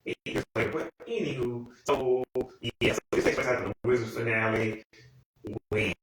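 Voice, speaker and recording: A man's voice: normal speed, fairly bright tone, slight background noise. Young man, casual profane rant, rambling and exasperated; heavy room echo, sits well back from the mic. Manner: profane, rambling, exasperated, with sudden high-pitched outbursts. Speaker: TV commentator. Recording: very echoey room, voice from far off the mic.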